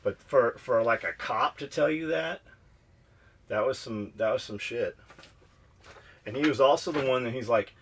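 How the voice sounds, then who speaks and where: A man's voice: medium pitch, moderate pace, pauses often, a little hiss or hum. A man from Southern California, a podcast co-host, telling a profane, rambling story and acting out the dialogue. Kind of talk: casual storytelling.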